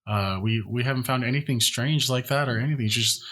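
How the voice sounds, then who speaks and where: A man's voice: medium pitch, fast talker, sharp tone. Casting: a man playing a jittery, shifty young manservant who stammers through every answer, tabletop game. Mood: nervous. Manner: hesitant, stammering. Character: nervous sly young male servant.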